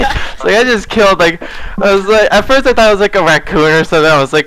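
A man's voice: on the high side, animated, brisk, sharp tone, rough recording. A man casually telling a rambling, profane story to friends, laughing through it.

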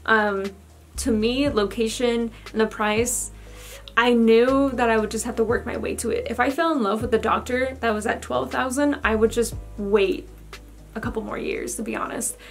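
A woman's voice: on the high side, steady tone, normal speed, soft background music. A young woman giving a casual vlog update, chatty and candid with lots of fillers, a little out of breath. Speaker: vlogger.

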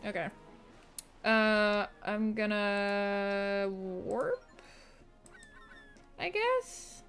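A woman's voice: mid-range voice, drawn-out words. A woman streamer giving casual, profanity-laced commentary while playing a video game. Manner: swearing, animated and reactive. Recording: faint music behind.

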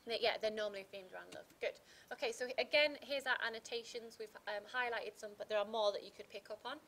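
A woman teacher, talking through a poem in a casual revision chat, pausing often with ums and restarting her sentences. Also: fairly high pitch, a bit bright, a little hiss or hum. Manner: hesitant, many fillers and restarts.

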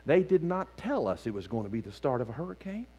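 A man preaching a sermon as lead pastor in a church sanctuary, animated, swinging between loud outbursts and hushed lines. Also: medium pitch, fast talker.

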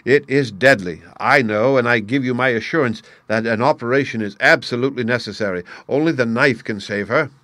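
A man reading aloud and voicing a desperate merchant husband who pleads urgently, rising high and loud. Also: steady tone, fairly quick, dry recording, natural voice. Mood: pleading.

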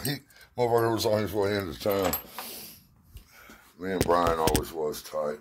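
Man, middle-aged, very deep voice, profane rambling storyteller, short of breath. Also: steady tone, normal speed, long pauses, noisy background. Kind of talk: casual spoken memories.

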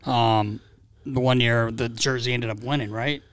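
A man's voice: medium pitch, fairly even intonation, measured pace, clear, resonant tone, no room sound. A man in his fifties co-hosting a podcast, telling stories in a rambling, profane, casual way. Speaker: podcast co-host.

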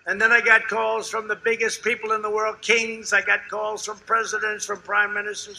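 A man's voice: high-pitched, flat delivery, fairly quick, gravelly, hardly any pauses, poor audio. Brash older man speaking at a rally. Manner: boastful, rambling, repetitive, shifts between loud shouting and hushed asides. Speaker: politician at a campaign rally. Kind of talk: rally speech. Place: outdoor rally before a large crowd.

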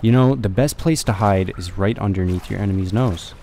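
Low-voiced man swearing through a game. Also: brisk, gravelly, warm tone, slight background noise. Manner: swearing, talking to himself. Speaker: let's play gamer. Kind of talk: casual gameplay commentary.

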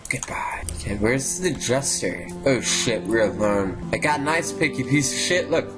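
Excitable cursing young man gaming. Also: medium pitch, normal speed, over music. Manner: profane, excitable, swings between mutters and yelps. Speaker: gaming YouTuber. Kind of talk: let's play commentary.

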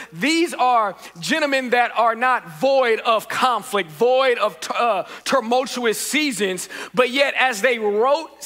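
High, bright-voiced preacher in a hall. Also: male voice. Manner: preacher's call-and-response, repeated refrains. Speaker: pastor. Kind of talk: sermon. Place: church sanctuary. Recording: reverberant church hall.

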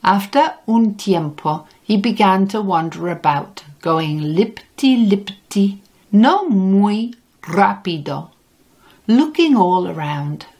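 Reading a children's storybook, this woman narrator uses a husky, mid-range voice and takes her time. Her delivery is gentle and expressive, with Spanish words woven into the English.

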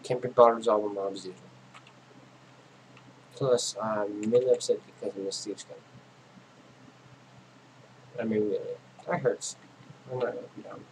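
A man narrating his own video game play in a casual, rambling way, talking to himself, his voice a little hoarse. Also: fairly low pitch, steady tone, normal speed, pauses often, darkish tone, slight background noise, rough recording. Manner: rambling, talks to himself while playing. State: losing his voice. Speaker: gaming channel host. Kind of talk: casual gameplay commentary.

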